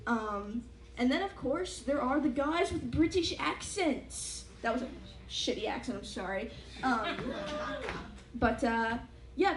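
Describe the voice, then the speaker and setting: A young woman doing a stand-up set before a live audience, with a wry, self-deprecating manner and many fillers. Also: a little high. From United States. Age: young adult. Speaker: student stand-up comic. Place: large hall with a live audience. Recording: echoey hall, noisy live mic.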